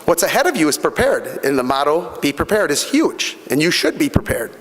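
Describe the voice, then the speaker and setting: A man's voice: fairly high pitch, very animated, brisk, a bit bright. A middle-aged man giving a motivational speech at a fundraising breakfast, telling personal stories earnestly, with fillers and repeats. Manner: earnest storytelling, repeats himself, many fillers. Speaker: guest speaker at a fundraising breakfast. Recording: long hall reverb.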